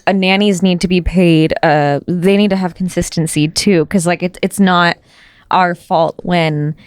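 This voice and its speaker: A woman's voice: fairly low pitch, steady tone, measured pace, no echo. A young woman co-hosting a podcast, a supportive listener who chimes in with sympathetic comments. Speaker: podcast co-host. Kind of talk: casual chat.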